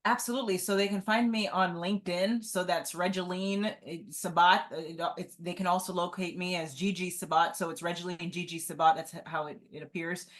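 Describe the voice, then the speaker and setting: A woman's voice: fairly low pitch, steady tone, a little fast, few pauses, a bit bright. Earnest woman podcast guest. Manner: earnest, often adds "right?". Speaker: guest, entrepreneur. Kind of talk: casual interview talk.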